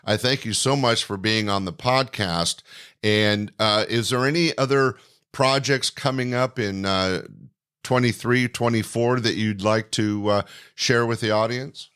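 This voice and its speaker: A man hosting a podcast, thanking and introducing a guest in a formal announcing manner with many pauses. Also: on the low side, smooth. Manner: warm-toned, formal announcing with frequent "uh" pauses. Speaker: podcast host.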